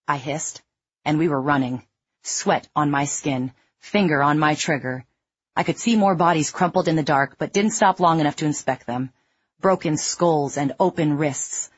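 A woman reading a gritty first-person audiobook story in a measured, tense, low-key way. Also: slightly rough, no echo. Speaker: audiobook narrator. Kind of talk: first-person scripted narration. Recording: dry, slightly muffled lo-fi recording.

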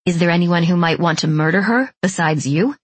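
A woman voicing a sharp female investigator in an audiobook, putting pointed questions calmly. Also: fairly low pitch, fairly quick, slightly rough, no echo. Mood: probing.

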